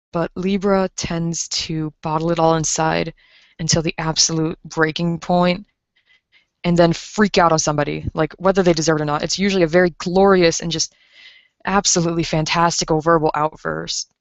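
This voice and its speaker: A woman's voice: low-pitched, steady tone, moderate pace, no echo. A woman in her twenties livestreaming from home, chatting casually in a rambling, filler-heavy way and reading viewers' messages aloud. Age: 20s. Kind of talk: casual stream chat. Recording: dull lo-fi stream mic.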